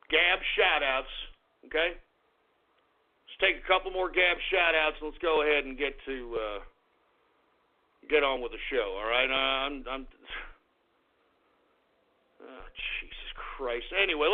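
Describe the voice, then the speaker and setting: A man hosting a talk radio show, ranting angrily and profanely with shouted outbursts. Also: on the high side. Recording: narrow, phone-like audio.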